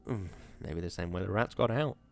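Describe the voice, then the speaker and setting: A man's voice: low-pitched, lively intonation, a little fast, creaky, dry recording, soft background music. A man doing a cool, wry young worker. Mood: calm. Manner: quiet, dry, understated.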